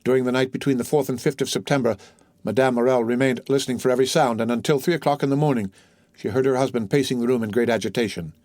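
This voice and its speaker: Dry, measured male audiobook narrator. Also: mid-range voice, fairly even intonation, darkish tone, no room sound. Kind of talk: scripted narration of a classic novel.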